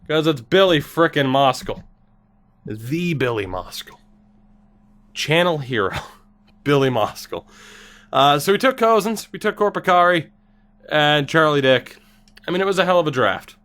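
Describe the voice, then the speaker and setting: A man at a desk mic streaming a hockey video game. He mutters wry, sarcastic remarks as he plays and reads viewers' comments aloud, with a pitch that swings up and down constantly. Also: lively intonation, unhurried, long pauses, a bit bright. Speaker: gaming streamer.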